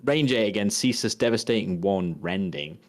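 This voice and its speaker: A man's voice: lowish voice, expressive, fairly quick. A man co-hosting a casual podcast chat, working through game tactics aloud and restarting his sentences as he goes. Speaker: podcast co-host.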